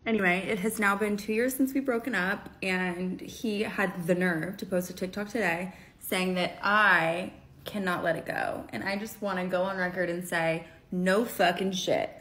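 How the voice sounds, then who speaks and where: A woman in her late twenties, with a lowish, fairly bright voice and fairly even intonation, tells a personal story as a vlogger, in a recording with roomy echo. She's candid and quick, swearing freely and often checking in with "okay?"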